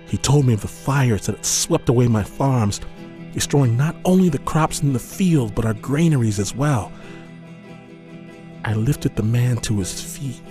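A man narrating a story in the first person, grave and measured in his delivery. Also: mid-range voice, a little mellow, faint music behind.

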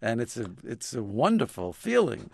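A man's voice: mid-range voice, wildly swooping pitch, normal speed, creaky, a little mellow, slightly rough, no echo. A man, a guest in a radio interview, telling stories in a dry, self-amused way. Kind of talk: interview storytelling.

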